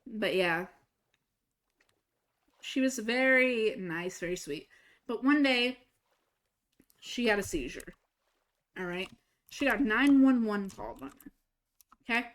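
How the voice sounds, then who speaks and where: A young woman streaming a game, casually telling a story, swinging between exasperated, swearing outbursts and quiet asides. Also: fairly high pitch, takes it slowly, long pauses. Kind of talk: casual storytelling while gaming.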